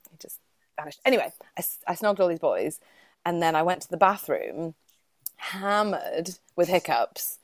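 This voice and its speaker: A woman in her thirties with a fairly low, dry voice tells a story in an easy, chatty way. She laughs often and puts on little voices for the people she quotes. The mic sits close, with almost no room sound. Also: animated, moderate pace, no echo. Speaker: guest. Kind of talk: casual chat, storytelling.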